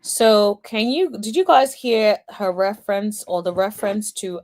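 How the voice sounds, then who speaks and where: Slow-talking woman hosting a reaction commentary. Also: medium pitch, lively intonation, a little mellow. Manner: chatty, exasperated asides, talks to viewers and chat. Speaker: host. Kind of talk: casual commentary reacting to a clip.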